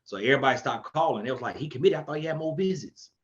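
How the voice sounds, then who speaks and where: Guy telling old football stories, gets loud doing other people's lines, kinda muffled lo-fi audio. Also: mid-range voice, rapid-fire, slight background noise. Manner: animated, acts out quotes in a raised voice. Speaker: podcast guest, coach. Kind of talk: casual storytelling chat.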